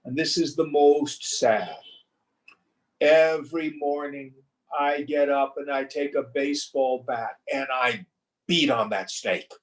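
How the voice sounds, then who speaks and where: A man teaching scripture over a video call, telling a parable slowly and deliberately and posing rhetorical questions. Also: medium pitch, steady tone, poor audio. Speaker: spiritual teacher. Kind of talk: scripture lesson with storytelling. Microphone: video call recording.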